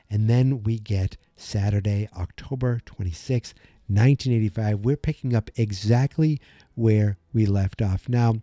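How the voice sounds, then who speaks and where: A middle-aged man hosting a podcast, chatting casually about a film and acting out its lines in quick voices as he rambles. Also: on the low side, dark tone, no echo. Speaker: podcast host. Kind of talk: casual movie commentary.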